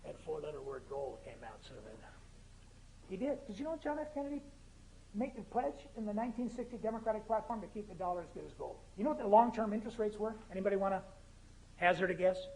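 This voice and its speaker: A man's voice: high voice, animated, fast talker, darkish tone. A man in his fifties giving a political speech in a university lecture hall, building to fervent, emphatic crescendos between humorous asides. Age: 50s. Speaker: guest speaker.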